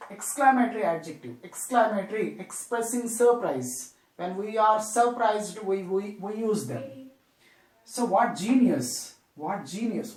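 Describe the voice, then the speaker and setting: A man from India teaching an English grammar lesson, repeating each example slowly and stressing the key words. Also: high-pitched. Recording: roomy echo, distant from mic.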